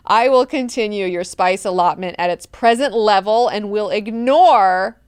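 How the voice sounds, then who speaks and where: A woman voicing a brash, teasing male god-emperor in a loud, excited, mocking way. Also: mid-range voice, a little slow, smooth, dry recording, clean studio sound, natural voice.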